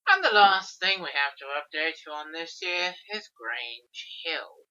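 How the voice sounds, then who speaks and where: A woman co-hosting a podcast, explaining plot points at length in a measured way. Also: sits low, expressive, bright, forceful tone. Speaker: podcast co-host. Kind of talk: casual chat about old TV. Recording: slightly muffled podcast audio.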